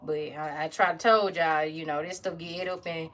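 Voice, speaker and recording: A woman, chatting casually to her viewers while she cooks in her home kitchen, folksy and quick to laugh. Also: sits low, steady tone. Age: 30s. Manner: chatty, folksy, laughs often, Southern country slang. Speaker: cooking vlogger. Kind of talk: casual cooking chat to viewers.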